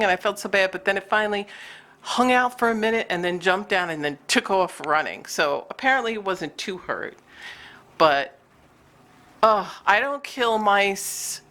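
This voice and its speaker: A woman vlogger telling a chatty story to the camera about her day, sometimes laughing, a little out of breath. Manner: animated, scolding her cat in high bursts, laughing between lines.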